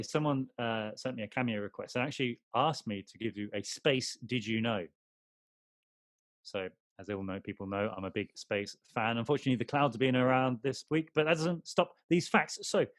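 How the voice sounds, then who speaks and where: A man's voice: mid-range voice, fairly quick, dry recording. A man co-hosting a podcast in casual chat, teasing and playful in banter. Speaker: podcast co-host.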